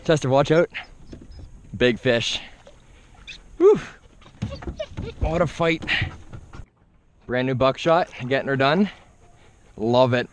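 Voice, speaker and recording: A man's voice: medium pitch, expressive, takes it slowly, long pauses, slight background noise. Man narrating a fishing trip. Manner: talks to his dog while fighting fish. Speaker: fishing vlogger. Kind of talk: excited outdoor fishing commentary. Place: fishing boat on a lake, outdoors.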